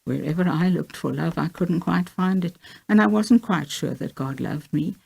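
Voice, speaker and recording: A woman's voice: lowish voice, moderate pace, gravelly, a little mellow, husky, heavily acted. A woman reading a young woman with cancer, heartfelt and teary, in an audiobook of a memoir. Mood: reflective.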